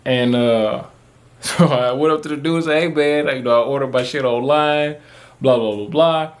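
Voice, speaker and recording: A man's voice: mid-range voice, moderate pace. A man, talking to camera in a casual, rambling, profane way, full of fillers. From Texas. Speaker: vlogger. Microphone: camera mic, talking to camera.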